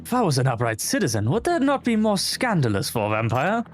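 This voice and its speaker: A man voicing a grandiose, pompous immortal vampire in a slow, theatrical game voice. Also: fairly high pitch, huge pitch swings, faint music behind.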